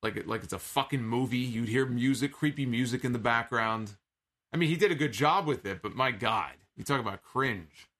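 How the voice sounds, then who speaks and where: A man's voice: mid-range voice, moderate pace, a bit bright. A man hosting a podcast, giving an opinionated, casual recap of a wrestling show and quoting lines from it.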